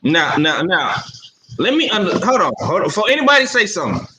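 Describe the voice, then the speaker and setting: A man hosting a casual boxing talk show, animated and prone to repeating himself. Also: high voice, a little fast. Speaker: podcast host. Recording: echoey room with faint noise.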